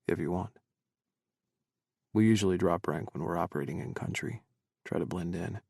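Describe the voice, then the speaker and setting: A man voicing a gentle, soft-spoken young soldier in an audiobook, talking low and quietly. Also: moderate pace, vocal fry, slightly rough, no echo, studio quality, heavily acted. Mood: tender. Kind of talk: audiobook character voice.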